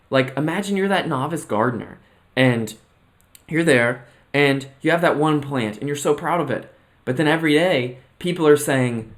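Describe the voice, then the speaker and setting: A man coaching on mental health in a motivational vlog monologue. He talks earnestly and keeps checking in with "right?" and "okay?". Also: mid-range voice. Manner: mixes personal anecdotes with an extended analogy. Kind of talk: motivational self-reflection monologue.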